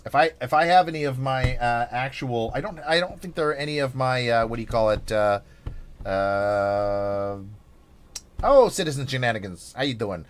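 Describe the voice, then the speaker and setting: A man's voice: medium pitch, clean tone. Rambling, playful male game streamer. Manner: rambling, filler-heavy, playful, self-described over the top. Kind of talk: casual live-stream chat.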